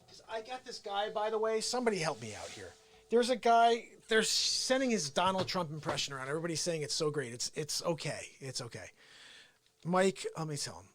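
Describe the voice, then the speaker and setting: A man with a New Jersey accent hosting an unscripted live stream, chatting with viewers in an energetic, rambling way. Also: high-pitched, brisk. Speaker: live-stream show host.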